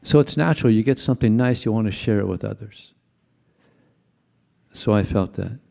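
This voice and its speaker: At a moderate pace and in a lowish, creaky, warm voice, an older man tells anecdotes during a devotional talk to his congregation. He's a temple speaker with a chatty, chuckling, conversational way of storytelling.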